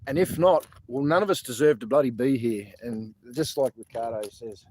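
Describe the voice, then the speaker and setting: Outdoors at a protest, an Australian host runs a laid-back livestream, chatting at length, cursing freely and breaking into frequent laughter. He speaks at normal speed in a medium, slightly mellow voice, with slight background noise.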